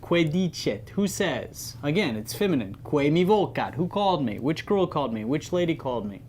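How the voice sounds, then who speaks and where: With a fairly high, somewhat mellow voice that swings widely in pitch, a man teaches Latin grammar informally at normal speed amid slight background noise. His lesson is chatty and playful, and he stresses the key words.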